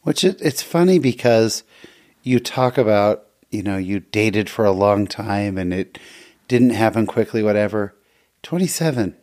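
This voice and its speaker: A podcast host who interviews a guest, reacting quickly and laughing along. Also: mid-range voice, animated, a little mellow. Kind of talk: interview conversation.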